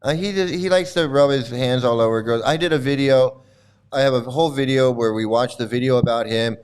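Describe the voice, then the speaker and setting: A man's voice: mid-range voice, a little fast, darkish tone, clean tone. A man hosting a livestream and ranting to his chat in heated, indignant commentary, often repeating himself. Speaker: livestream host.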